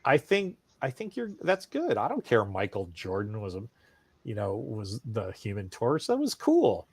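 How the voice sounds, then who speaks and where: A man's voice: fairly low pitch, normal speed, slightly rough. A middle-aged man co-hosting a casual chat podcast, telling stories with swearing and acted-out quotes. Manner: animated storyteller, swears, acts out quotes. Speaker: podcast co-host.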